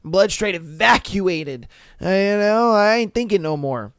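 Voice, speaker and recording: A man's voice: sits high, animated, measured pace, a bit bright, clear, resonant tone, no room sound, clean studio sound. A young man hosting a podcast, reacting to listener stories in a loose, slangy way, swearing and laughing often. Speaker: podcast host. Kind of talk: casual podcast commentary reading listener stories.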